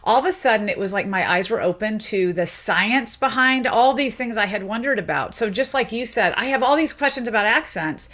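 A woman's voice: a little high, fairly quick, few pauses. A woman, a sociolinguist raised in Tennessee, giving long explanatory interview answers with frequent fillers. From Memphis, Tennessee. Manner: explanatory, lively, many fillers. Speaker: sociolinguist guest.

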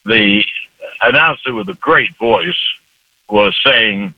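A man's voice: lowish voice, takes it slowly, long pauses, no room sound. A man in his eighties, a retired announcer, recalling stories in a phone interview. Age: 80s. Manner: storytelling, animated. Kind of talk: telephone interview recollection. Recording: muffled phone line, dry.

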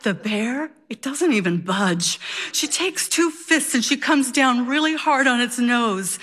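A woman telling a personal story live, expressive and animated, building suspense. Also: a little high, measured pace.

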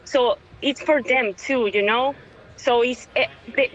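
A Venezuelan woman in her 30s, a local witness, calls into an emotional phone interview, tearful and overwhelmed. Her halting speech is full of restarts and repeated words. Her voice is fairly high-pitched, and the recording is muffled.

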